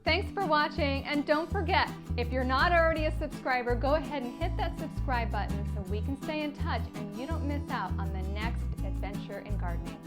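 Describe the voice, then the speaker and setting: A woman hosting a gardening vlog, telling a story in a chatty, animated way and laughing often. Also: high-pitched, fairly quick, hardly any pauses, over loud music. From United States. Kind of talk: casual storytelling to camera.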